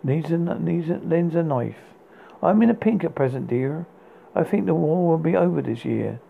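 A man with a deeply gravelly, fry-heavy voice sitting a little higher than most men's reads poem after poem on his podcast. He halts and restarts words as he goes. The sound is thin and phone-like, with a faint hiss underneath. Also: lively intonation. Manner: halting, stumbles and restarts words. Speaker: podcast host. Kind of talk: reading poems aloud.

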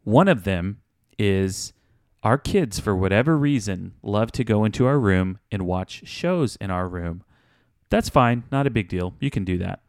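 Man, deep voice, gravelly, smooth, candid confessional chat. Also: expressive, a little slow, a little mellow, dry recording, clean studio sound. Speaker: podcast co-host. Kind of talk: casual chat.

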